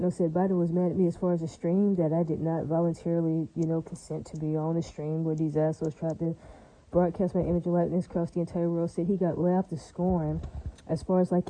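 A woman's voice: on the low side, dark tone, poor audio. A woman delivering a rambling, emphatic and profane monologue, repeating herself often.

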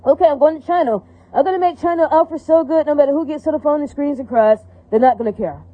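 High-voiced woman ranting fast, swears a lot, loops back on herself, thin phone-like sound. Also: no echo. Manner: profane, repetitive, rambling. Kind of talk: rambling monologue rant. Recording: tinny phone-like audio, dry.

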